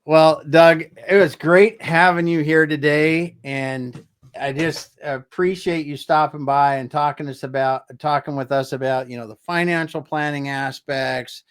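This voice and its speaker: A man with a fairly high voice hosts a casual interview. He wraps things up in a relaxed way, with short, friendly nods of agreement. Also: a little slow, smooth. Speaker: show host.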